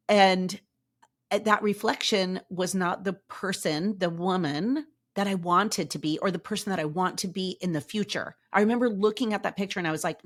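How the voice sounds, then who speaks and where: A middle-aged woman hosting a podcast, telling her own story to listeners in a lively, emphatic way and acting out what people said. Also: medium pitch, normal speed. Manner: lively, emphatic, acts out quoted remarks. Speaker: podcast host.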